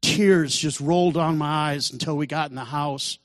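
A man's voice: a little high, fairly even intonation, moderate pace, no echo, studio quality, long reverb tail. A man telling his recovery testimony in an earnest storytelling way, sermon style. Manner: earnest storytelling, acts out quoted voices. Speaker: testimony speaker.

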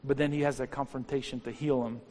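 A man's voice: medium pitch, steady tone, fast talker, darkish tone. A man preaching a sermon as pastor, fervent and rising into exhortation. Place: church hall. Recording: long hall reverb with faint music.

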